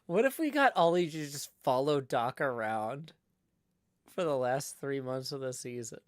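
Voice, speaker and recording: A man's voice: medium pitch, animated, unhurried, no room sound, clean studio sound. Rambling man streaming. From Nashville, US. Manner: rambling, self-deprecating, full of "like". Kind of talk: casual livestream chat.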